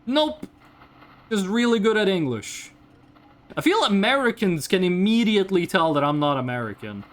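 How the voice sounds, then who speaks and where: Woman VTuber, casual stream chatter, blunt and sweary, swings her pitch all over. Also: normal speed. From Norway. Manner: animated, blunt, swears freely, laughs often. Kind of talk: casual live-stream chat, reading chat.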